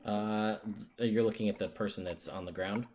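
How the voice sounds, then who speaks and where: A man's voice: on the low side, fairly even intonation, normal speed, darkish tone. A man narrating as game master in a tabletop game, hesitant and casual.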